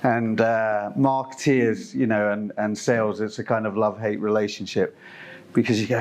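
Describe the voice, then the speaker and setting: A man's voice: lowish voice, steady tone, moderate pace, darkish tone. A middle-aged man from Zimbabwe giving a conference presentation, chatty and meandering, with lots of fillers and restarts. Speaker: company presenter.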